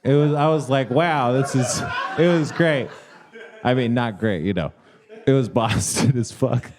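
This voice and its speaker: A man telling a casual, halting anecdote full of fillers on a live comedy podcast. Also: medium pitch, darkish tone, slight background noise.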